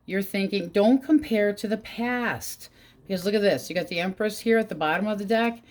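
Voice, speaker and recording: Woman, low voice, casual tarot reader, blunt and profane. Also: normal speed, a little hiss or hum. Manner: blunt, swears freely, quotes in exaggerated voices.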